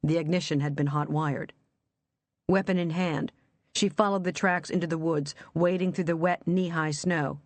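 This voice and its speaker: An audiobook narrator reading a thriller in an even, measured storytelling voice. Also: medium pitch, no room sound.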